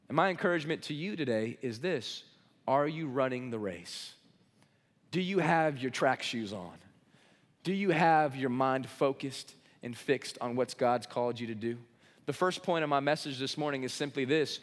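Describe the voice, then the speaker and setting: A man's voice: mid-range voice, normal speed. A middle-aged male pastor delivering a sermon, building in intensity and calling for responses from the congregation. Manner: preaching with rising intensity, call and response. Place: church sanctuary. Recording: long reverb of a large church hall.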